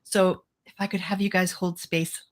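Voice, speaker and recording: A woman's voice: on the low side, little pitch movement, normal speed. A woman guest, an author, talking enthusiastically in a casual interview and laughing easily. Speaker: guest, author and children's camp founder.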